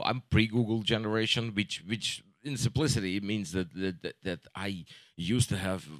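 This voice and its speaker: A man in his forties doing a stand-up comedy set, rambling and deadpan, with halting restarts and profanity. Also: lowish voice, dry recording. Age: 40s.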